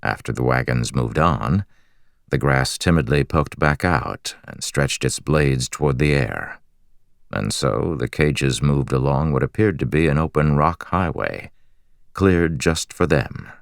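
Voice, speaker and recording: A man reading a fantasy audiobook in a measured, steady storytelling manner on a close studio mic. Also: very deep voice, vocal fry, smooth, dry recording. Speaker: audiobook narrator. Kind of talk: scripted fantasy narration.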